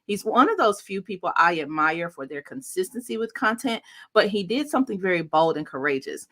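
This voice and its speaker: Upbeat woman hosting a livestream, bright voice. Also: lowish voice, sing-song, a little fast. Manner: upbeat, effusive hype. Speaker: host and content coach. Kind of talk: casual livestream introduction.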